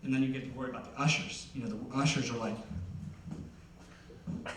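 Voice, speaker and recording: A man's voice: medium pitch, fairly even intonation, a little fast, a little hiss or hum. A young man from Ohio doing a stand-up comedy set, rambling and self-deprecating, with lots of fillers. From Ohio, USA. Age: young adult. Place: concert venue on stage. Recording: echoey hall, heard from a distance.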